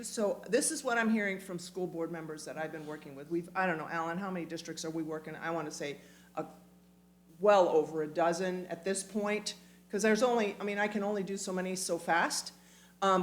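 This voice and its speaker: A woman giving an animated, emphatic community talk, with quick asides, in a church hall. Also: lowish voice. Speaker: speaker.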